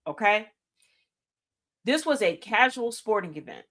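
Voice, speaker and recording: A radio talk show host, she delivers an emphatic, opinionated monologue, asking her listeners rhetorical questions, repeating key lines and adding folksy, slangy asides. Her medium-pitched voice is very animated and a bit bright, moving at a measured pace.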